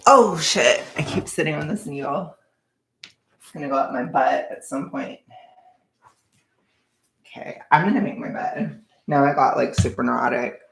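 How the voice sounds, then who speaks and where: Young streamer rambling to chat, self-roasting, gravelly fry, echoey room. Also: medium pitch, expressive, normal speed, long pauses, a bit bright. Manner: rambling, self-deprecating, jokey with frequent laughs. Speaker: livestream host reading chat. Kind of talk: casual livestream chat.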